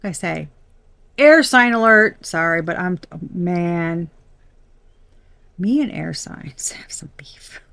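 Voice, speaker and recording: A woman's voice: lowish voice, lively intonation, takes it slowly, vocal fry, long pauses, a bit bright, no echo. A woman giving a casual collective tarot reading, talking bluntly with exasperated asides and frequent swearing. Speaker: tarot reader.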